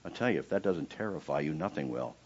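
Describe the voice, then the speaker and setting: Preaching a sermon about his own testimony, a man moves from soft, low narration to sudden loud, high cries during the reenacted prayers. His delivery is fast and lively in intonation, his voice husky, and the recording sounds muffled.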